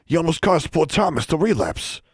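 A man's voice: on the high side, sing-song, normal speed, husky, dry recording, studio quality, pitched above the performer's own voice. A man doing a huffy wizard official. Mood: affronted. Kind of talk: audiobook character voice.

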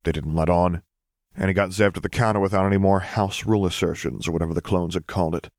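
A man narrating a serialized fan fiction story in a steady, even reading voice. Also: low voice, fast, dry recording, clean studio sound. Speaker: audiobook reader.

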